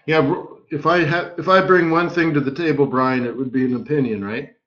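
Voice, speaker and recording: A man hosting a live trading webinar, telling stories in an energetic, emphatic way with punchy repeated phrases. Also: a little high, a little fast. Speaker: forex market strategist hosting a live webinar. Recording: roomy, slightly dull webinar audio.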